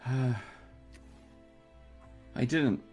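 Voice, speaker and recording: A man voicing a frightened, tearful young woman witness in a tabletop game, speaking in halting, broken-off phrases. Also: medium pitch, a little mellow, faint music behind, pitched above the performer's own voice. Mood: shaken, halting.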